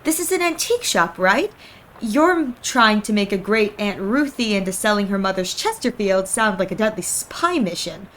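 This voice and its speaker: A woman's voice: medium pitch, animated, moderate pace, fairly bright tone. A young adult woman streamer reading game text aloud and reacting in a playful way.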